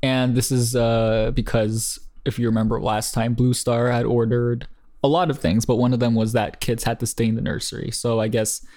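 A man's voice: medium pitch, little pitch movement, normal speed, a little mellow. A man hosting a casual book podcast, reading passages aloud and then talking them over in a thoughtful, hesitant way with many fillers.

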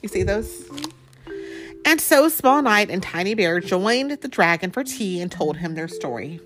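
A woman's voice: mid-range voice, lively intonation, a little slow, fairly bright tone, slight background noise. Woman reading a picture book aloud. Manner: chatty, asks the child questions. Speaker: parent reading to a child.

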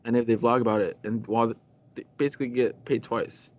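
A man's voice: medium pitch, fairly even intonation, brisk, a little mellow. A man co-hosting a casual podcast, talking hesitantly with many ums and frequent laughs. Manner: hesitant, lots of ums, giggly. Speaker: podcast co-host. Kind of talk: casual chat. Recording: muffled lo-fi audio with faint background noise.

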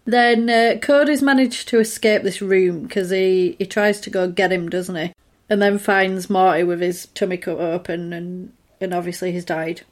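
A woman's voice: fairly low pitch, normal speed. A woman, chatting casually as she recaps a film and acts out the characters' lines. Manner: animated retelling, acting out the characters' lines. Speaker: podcast co-host recapping a film. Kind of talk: casual chat.

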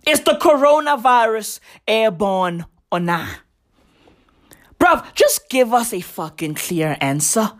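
A woman ranting in an exasperated, profanity-laced comedic style, her voice sitting a little high. She drags her words out slowly and lands every complaint with disbelief. The sound is close and dry, with no room around it. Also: very animated, no room sound. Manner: exasperated, heated, slangy, swearing.

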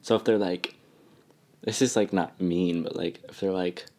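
A young man with a rather low voice chats casually as a podcast co-host. He tells stories in an animated way and leans heavily on fillers. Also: normal speed. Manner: animated, filler-heavy storytelling. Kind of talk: casual chat.

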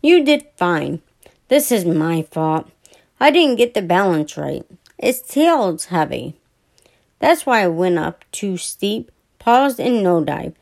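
A woman's voice: on the low side, big pitch swings, takes it slowly, vocal fry, darkish tone, full character voice. A woman voicing a proud but kind young boy bear cub in a storybook reading, speaking earnestly and patiently. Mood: reassuring.

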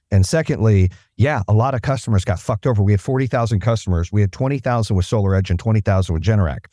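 A man's voice: lowish voice, dark tone, no echo, clean studio sound. A man speaking as a podcast guest, telling blunt, profane stories in casual talk. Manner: blunt, profane, fast-talking. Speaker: guest, business owner. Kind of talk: casual storytelling.

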